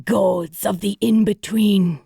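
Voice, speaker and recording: Charon, a woman voicing a deep grizzled boatman god. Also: fairly even intonation, slow pace, vocal fry, mellow, breathy edge, no room sound, studio quality, exaggerated voice. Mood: solemn command. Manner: grave and commanding. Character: ancient grizzled male boatman god of the dead.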